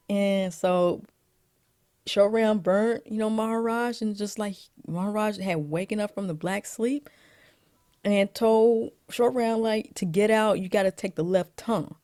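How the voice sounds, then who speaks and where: A woman vlogger giving a casual, chatty movie recap, laughing often and filling pauses with "you know". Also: mid-range voice, dark tone, dry recording, clean studio sound.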